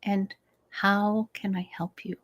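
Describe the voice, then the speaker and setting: A middle-aged woman speaking as a stress management coach in a live advice talk, gentle and unhurried with easy laughs. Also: mid-range voice, little pitch movement.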